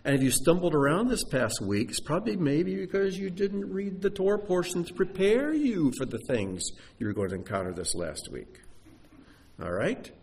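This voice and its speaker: Lively man preaching a sermon. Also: high voice, moderate pace, creaky. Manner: animated, asks the congregation questions. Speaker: pastor. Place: sanctuary before a congregation.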